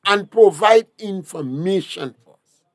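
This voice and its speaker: A man's voice: high voice, lively intonation, measured pace, dry recording, clean studio sound. A man with a Grenadian accent, a talk show guest, lecturing emphatically with rhetorical questions. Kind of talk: political talk show discussion.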